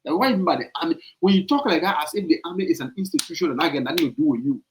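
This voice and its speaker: A man's voice: fairly high pitch, animated, racing, a little hiss or hum, rough recording. A man with a Liberian accent hosting a podcast, giving opinionated political commentary with emphatic repetition and rhetorical questions. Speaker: podcast host.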